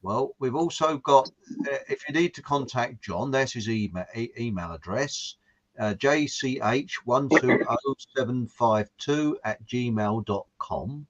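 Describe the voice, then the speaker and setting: A man's voice: medium pitch, measured pace, muffled recording. A man from England hosting a casual online chat, joking and reading out viewers' names. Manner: chatty, jokey, reads out viewer names. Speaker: host.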